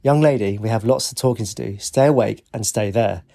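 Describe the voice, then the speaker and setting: A man's voice: lowish voice, fairly quick, creaky, dark tone. A man voicing a protective middle-aged father in an audiobook, stern and earnest.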